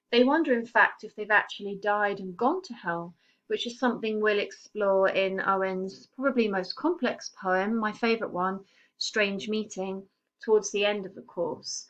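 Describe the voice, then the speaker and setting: A woman teaching a poetry lesson, explaining the text in a measured way and stressing key words. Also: medium pitch, a bit bright, muffled recording.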